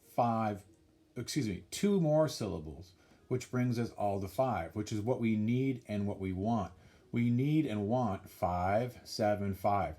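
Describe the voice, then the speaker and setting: A man's voice: on the low side, expressive, measured pace, noisy background. A man teaching a classroom lesson, patiently repeating points and counting things out step by step.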